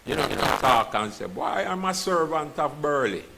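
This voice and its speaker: A man's voice: fairly high pitch, very animated, normal speed, pushed and bright, slight background noise, poor audio. A man with a Jamaican accent preaching a sermon and reading scripture aloud, slipping into patois and asking his listeners if they understand. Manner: slips into patois, asks the congregation "you understand?". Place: church.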